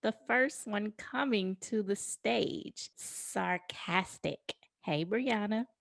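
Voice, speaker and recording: A woman's voice: mid-range voice, slow, creaky, a bit bright, no room sound, clean studio sound. A woman hosting a casual recap chat from home on a video call, playful and theatrical as she announces. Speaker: host.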